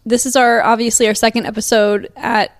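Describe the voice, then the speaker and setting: A young woman talking casually on a home podcast. Her voice sits a little high and the recording is dry and close, with no room sound. She rambles in an upbeat, chatty way. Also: flat delivery, fairly quick, no room sound. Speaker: podcast co-host, professional dancer. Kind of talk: casual chat.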